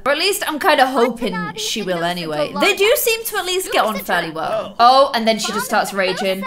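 Young woman chattering over her sims game, high voice bouncing all over the place. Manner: animated, gasping, teasing asides to players. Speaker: let's play host. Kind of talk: casual gameplay commentary.

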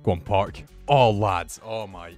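Young man, lowish voice, excitable sweary gameplay commentary, faint music behind. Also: unhurried. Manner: excitable, sweary banter with viewers. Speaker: gaming YouTuber.

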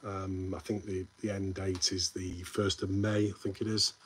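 Husky-voiced Midlands man chatting live. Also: deep voice, level tone, moderate pace. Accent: English Midlands. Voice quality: friendly banter with viewers, calls them mate. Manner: rambling, reads viewer comments aloud and answers them. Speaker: live stream host. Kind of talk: casual live-stream chat.

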